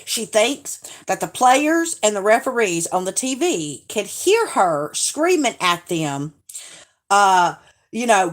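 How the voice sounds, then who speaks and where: A woman's voice: fairly high pitch, sing-song, normal speed. A woman chatting casually on a live stream, reading viewer comments aloud and laughing often.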